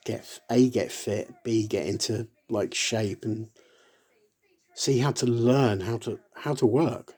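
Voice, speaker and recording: A man's voice: on the low side, darkish tone. Rambling, laughing man vlogging solo. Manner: rambling, halting, with frequent laughs and restarts. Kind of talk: casual rambling monologue.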